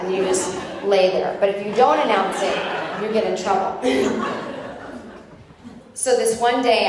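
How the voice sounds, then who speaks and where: A woman in her forties from the United States doing a rambling, self-deprecating stand-up set on a club stage. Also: on the low side. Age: 40s. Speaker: stand-up comedian. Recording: very echoey live club recording. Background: audience laughter.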